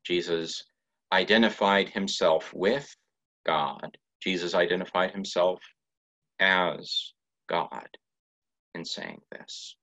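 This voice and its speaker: A man preaching a sermon as a guest pastor in a church, in a measured, reflective way with pauses. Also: low-pitched, pushed and bright, dull audio. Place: church sanctuary.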